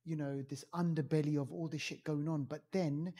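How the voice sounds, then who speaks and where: A man chats his way through a film review on a podcast. His voice is mellow and a little husky, and he rambles with plenty of fillers in an animated, easygoing way. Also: on the high side, normal speed. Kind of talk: casual chat. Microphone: podcast mic.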